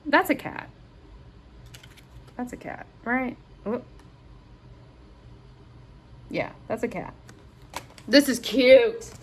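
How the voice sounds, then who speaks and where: A woman vlogger chatting casually to her viewers in a gushing, excitable way, often gasping. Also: fairly high pitch, very slow, pauses often, a little hiss or hum. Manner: gushing and excitable, with frequent gasps. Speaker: crafting vlogger. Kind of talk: casual vlog chat.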